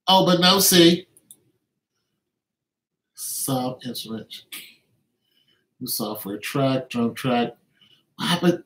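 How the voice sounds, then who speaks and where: Dude on a chill stream, slow playful talk, lively up and down pitch, roomy echo w faint music under it. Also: male voice. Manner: playful, mutters to himself while working music software. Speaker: livestream host. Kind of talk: casual livestream chat while making music.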